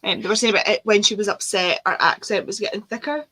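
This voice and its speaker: Rambling, animated woman host, dry sound. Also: medium pitch, quick pace, no echo, rough recording. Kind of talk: casual chat.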